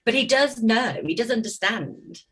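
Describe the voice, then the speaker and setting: A woman chatting casually about her autistic son, telling animated stories and laughing often. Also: on the high side, normal speed, breathy edge. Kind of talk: casual group chat.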